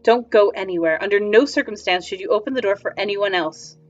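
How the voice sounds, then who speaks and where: A formal male vampire from a story game, calm and measured, with a dry, courtly way of putting things, as a woman reads him. The sound is slightly dull and lo-fi, with faint music low in the background. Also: natural voice. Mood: composed.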